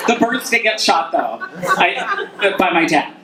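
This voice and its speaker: A woman doing a stand-up set with blunt, deadpan punchlines on a club stage. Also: on the low side, unhurried. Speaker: stand-up comic. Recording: echoey room with loud noise.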